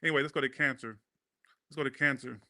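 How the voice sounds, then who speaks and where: A man's voice: medium pitch, steady tone, quick pace, pushed and bright. A man doing a casual tarot reading who rambles off-topic, swears freely and keeps apologizing to his viewers. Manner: rambling, profane, talks to viewers. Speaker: tarot reader.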